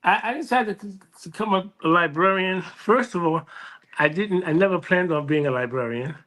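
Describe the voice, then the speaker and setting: A man, telling his life story in an interview. His voice sits fairly high for a man, and he tells it with lively energy. He often restarts phrases and acts out the voices of people he quotes. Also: moderate pace. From New York City. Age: 60s. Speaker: librarian and interview guest.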